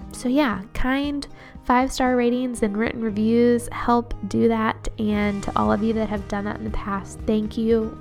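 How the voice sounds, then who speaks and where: Gravelly-voiced woman hosting a podcast. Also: mid-range voice. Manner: gushing, warm thanks with light laughs. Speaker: podcast host. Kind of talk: heartfelt outro monologue.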